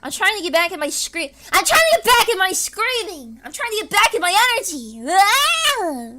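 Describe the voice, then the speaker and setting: A woman's voice: very high-pitched, very animated, fast talker, very noisy. A woman streaming casually from home, rambling in an erratic way and breaking into screams and laughs. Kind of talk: casual live-stream chat.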